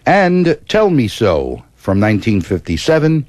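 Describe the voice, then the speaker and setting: A man's voice: mid-range voice, wildly swooping pitch, a little slow, a little mellow, no room sound. A man co-hosting an oldies radio show, chatting casually and sending personal dedications to listeners.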